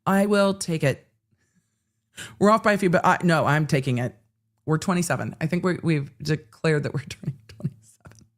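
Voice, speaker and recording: A woman hosts a casual livestream and tells courtroom stories with lots of swearing and animated acted-out quotes. Her voice sits a little low, and she talks in loose, restless bursts. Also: moderate pace, pauses often. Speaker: legal commentary livestream host.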